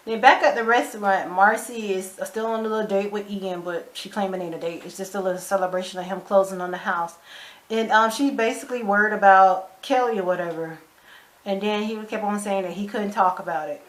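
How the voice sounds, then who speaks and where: Woman vlogger doing a tv recap, kinda high voice, swears a lot, blunt and animated. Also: a little fast. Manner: blunt, profane, animated retelling of scenes. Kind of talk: casual TV episode recap.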